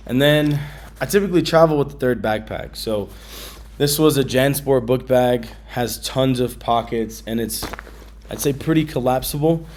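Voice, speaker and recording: A man vlogging about his travel gear in a casual, slangy way, with many ums and bursts of excitement. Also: mid-range voice, normal speed.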